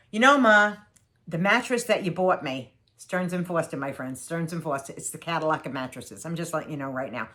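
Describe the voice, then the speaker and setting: A woman vlogger in her sixties with a fairly low, fairly bright voice tells a story from home to camera. She's chatty and sarcastic, repeating phrases for effect as she addresses her viewers.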